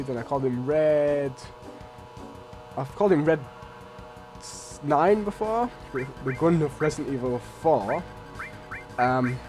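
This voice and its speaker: A man's voice: a little high, a little mellow. A man giving casual, rambling, blunt commentary while playing a video game. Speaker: let's play host.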